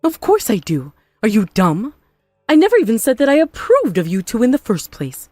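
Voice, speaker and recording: A woman voicing a spiteful, possessive mother-in-law in an animated story, scornful and melodramatic. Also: fairly high pitch, normal speed, no room sound, faint music behind. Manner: scornful, melodramatic, self-pitying.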